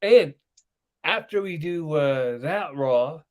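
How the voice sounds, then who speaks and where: A man co-hosting a casual podcast from his home. His voice sits a little high, and he banters loudly and excitably with his co-host. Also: slow pace. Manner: loud, excitable banter that swings to soft baby talk.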